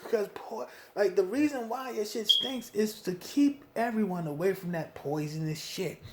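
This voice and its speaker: A young man from New Jersey venting about being a father in a casual monologue, animated, with lots of "you know what I mean". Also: measured pace, very noisy. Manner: animated, swings loud and high when worked up, frequent "you know what I mean". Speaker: vlogger talking about fatherhood.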